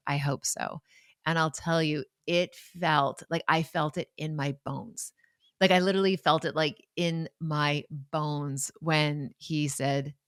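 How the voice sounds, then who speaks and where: Woman, forties, deep voice, dry close recording, chatty solo podcast. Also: no room sound. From Canada. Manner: warm, chatty, digressive, with laughs. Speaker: podcast host and author. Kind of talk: casual solo podcast talk.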